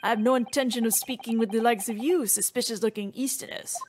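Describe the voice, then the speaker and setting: A woman doing a gruff bullying prison governor. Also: on the high side, steady tone, fast, a little mellow, slight background noise, close to an everyday voice. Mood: scornful. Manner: blustering, threatening.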